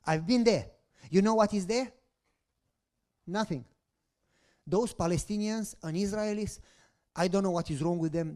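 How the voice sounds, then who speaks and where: A man preaching a sermon, telling a story with rhetorical questions to the congregation and swinging between hushed lines and loud bursts. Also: sits high. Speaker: pastor.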